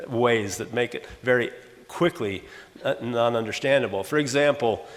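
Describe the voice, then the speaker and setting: Older guy lecturing, stops and restarts a lot, echoey hall. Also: mid-range voice. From Los Angeles, USA. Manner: halting, many restarts, teacherly examples. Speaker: retired English teacher giving a talk. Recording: long hall reverb.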